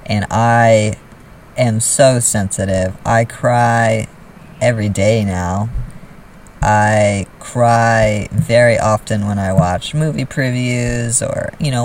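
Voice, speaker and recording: Gravelly man giving earnest self-help talk. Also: lowish voice, a little mellow, far from the mic, slight background noise, rough recording. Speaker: vlogger.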